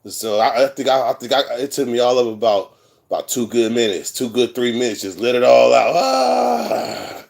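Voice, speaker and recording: A man's voice: medium pitch, fairly even intonation, a little fast, gravelly, a little mellow. Middle-aged man, rambling, candid, swearing freely, casual storytelling. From California. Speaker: vlogger telling prison stories.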